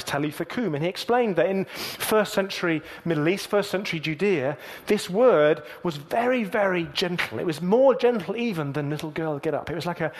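A man preaching a sermon earnestly, moving between emphatic lines and hushed, near-whispered ones. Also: high voice.

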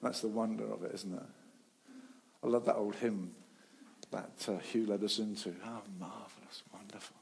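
A man preaching a sermon, telling stories with animation, rising loud then dropping almost to a whisper. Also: lowish voice, normal speed, vocal fry, pauses often, a little hiss or hum. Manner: animated storytelling, voice swelling and dropping to near whisper.

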